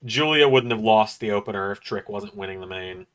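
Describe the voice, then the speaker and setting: A young man hosting a casual watch-along, chatty and knowledgeable with quick asides. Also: medium pitch, sing-song, gravelly, a bit bright. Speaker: host.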